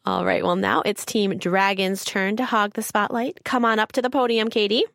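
A woman hosting a podcast in a cheerful, energetic scripted style. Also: medium pitch, normal speed, vocal fry, dry recording, clean studio sound. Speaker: podcast host.

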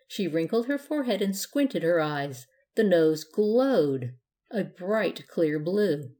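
A woman reading a children's story aloud at a measured pace. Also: lowish voice, very animated, warm tone.

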